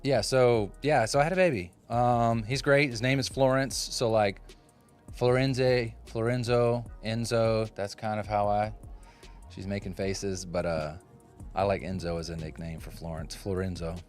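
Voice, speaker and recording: A woodcarving livestreamer in his forties chats with viewers on a propped-up phone from his home workshop, joking, rambling and responding to their comments as he carves. His voice is fairly low, darkish and fairly even, his delivery unhurried, with soft music in the background.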